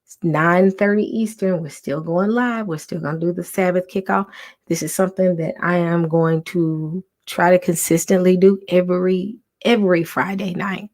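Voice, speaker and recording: A woman hosting a casual livestream from home, talking softly with many ums and restarts. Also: fairly low pitch, steady tone, moderate pace. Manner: soft, half-whispered talk with many ums and restarts. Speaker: livestream host.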